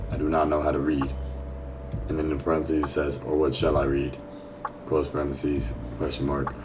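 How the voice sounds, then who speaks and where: A man's voice: rumbling low, background noise. A young man telling a personal faith story in a loose, rambling way, full of fillers and slang. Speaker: vlogger sharing a faith testimony. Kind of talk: casual spoken testimony.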